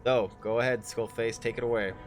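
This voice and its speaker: Male game master, casual stop-start narration, average pitch, faint background music. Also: fairly even intonation. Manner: halting, loose narration full of fillers. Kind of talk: narrating a tabletop game on a livestream.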